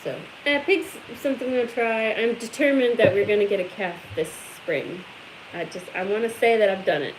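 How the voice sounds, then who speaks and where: A woman's voice: medium pitch, moderate pace, a little hiss or hum, rough recording. A woman with a Midwestern American accent, co-hosting a farm livestream, chatting and reading viewer comments aloud.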